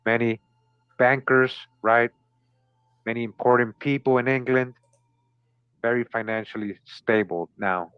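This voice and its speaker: A man's voice: medium pitch, fairly even intonation, unhurried, long pauses, smooth, no room sound. Man reading aloud, dull lo-fi sound. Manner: repeats words, asks listeners "right?". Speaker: host. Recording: dull lo-fi recording.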